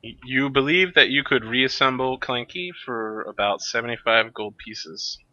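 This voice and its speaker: A man's voice: medium pitch, normal speed, pushed and bright, no echo, muffled recording. A man narrating as game master of a tabletop game, giving matter-of-fact rulings.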